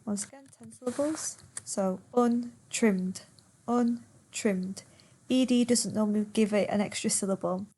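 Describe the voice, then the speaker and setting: A woman's voice: medium pitch, brisk, few pauses, mellow. A woman teacher in a poetry lesson who reads verse aloud and patiently repeats words to count their syllables.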